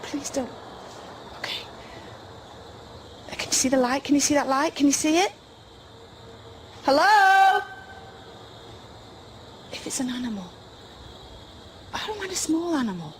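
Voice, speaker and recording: This woman's voice sits high and swings widely in pitch; she talks a little slowly with long pauses, and there is slight background noise. Alone in the woods at night for her paranormal show, she whispers to spirits in nervous fright, jumpy and prone to anxious laughter.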